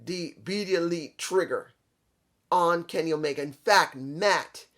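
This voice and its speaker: A man's voice: on the high side, unhurried, a bit bright. A man reviewing a wrestling show in a casual vlog, rambling, repeating himself and talking straight to his viewers.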